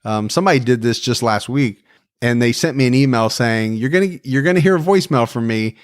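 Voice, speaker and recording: Male podcast cohost, animated chatty delivery, dry close sound. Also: medium pitch, brisk, clear, resonant tone, dry recording. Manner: conversational, animated, emphatic. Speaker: podcast host. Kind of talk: casual chat.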